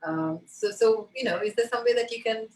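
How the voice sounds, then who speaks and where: A woman's voice: fairly high pitch, brisk, a little mellow. A woman interviewer asks questions over a video call, hedging often with "you know" and "um". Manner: hesitant, full of "you know" and "um". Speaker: interviewer, online art class founder. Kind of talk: interview conversation. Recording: echoey room with faint noise.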